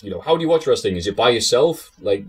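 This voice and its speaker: A man's voice: mid-range voice, animated, quick pace, breathy edge. Laughing, sardonic man in casual chat. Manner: sardonic, swearing, laughing often. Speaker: interview guest.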